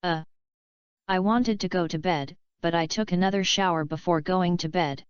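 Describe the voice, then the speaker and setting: A woman's voice: fairly low pitch, steady tone, moderate pace, smooth, no room sound, close to an everyday voice. A woman reading the lines of a shy young heroine in an audiobook, in her own plain voice. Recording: dull lo-fi dry recording.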